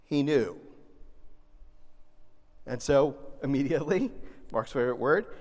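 A man preaching a sermon, animated, swinging between loud emphasis and soft, gentle asides. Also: mid-range voice, unhurried. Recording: long reverb of a large hall.

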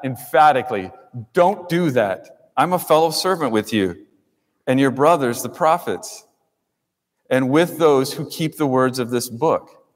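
Male pastor, mid-pitched, emphatic sermon delivery, long reverb in a church sanctuary. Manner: preaching with emphatic rises and drops, addressing the congregation. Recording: long reverb in a large room.

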